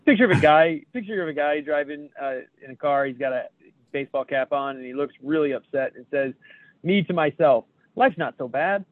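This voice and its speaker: A man in casual podcast chat reads memes and cracks self-deprecating jokes, swearing freely. His voice sits a little high. It comes through a tinny, phone-like line with a dry sound. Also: expressive, a little fast, no echo. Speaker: podcast co-host.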